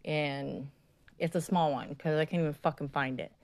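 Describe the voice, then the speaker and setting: A woman's voice: low-pitched, steady tone, moderate pace, a little mellow. A woman hosting a podcast in a casual monologue, rambling and crude, with lots of swearing, fillers and self-mocking asides. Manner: many fillers and trailing asides. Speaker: podcast host.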